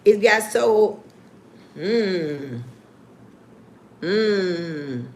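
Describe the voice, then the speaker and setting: A woman chatting casually on a livestream, candid and profane, with lively swings in her voice. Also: medium pitch, measured pace, slight background noise. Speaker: YouTuber.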